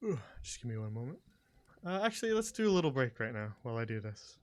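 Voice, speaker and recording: A man running a tabletop game, narrating in a relaxed way with many fillers. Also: medium pitch, fast talker. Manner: relaxed, filler-heavy, chuckling. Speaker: game master.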